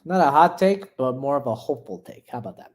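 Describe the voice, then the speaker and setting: A man's voice: mid-range voice, lively intonation, fast talker, slight background noise. Man, podcast co-host, easygoing, laughs easily, talks through playoff scenarios. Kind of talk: casual sports chat.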